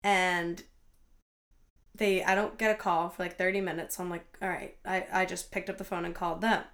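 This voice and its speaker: A woman's voice: fairly low pitch, level tone, normal speed, fairly bright tone. A young woman, a college student, co-hosting a casual chat podcast from her bedroom, telling a long story and acting out the people in it. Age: young adult. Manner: chatty storyteller, acts out quoted people. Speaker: podcast co-host.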